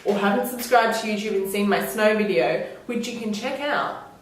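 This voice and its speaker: A woman's voice: medium pitch, normal speed, recorded from a distance. A young woman from Australia with an Australian accent, chatting to camera in a bubbly, giggly way. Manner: bubbly, giggly, playful sing-song. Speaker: vlogger. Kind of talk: casual chat to camera. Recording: echoey room, slightly off-mic, faint hiss.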